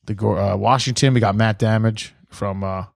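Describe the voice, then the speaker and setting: A man's voice: fairly low pitch, steady tone, moderate pace, gravelly, no echo, clean studio sound. A man co-hosting a casual podcast, giving short laid-back agreeing replies and reading out chat messages. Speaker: podcast co-host.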